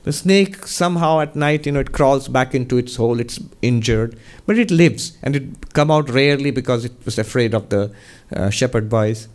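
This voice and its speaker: A monk speaks at an ordinary pitch, answering questions from an audience. He is an animated storyteller in a spiritual talk and laughs often as he goes. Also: normal speed.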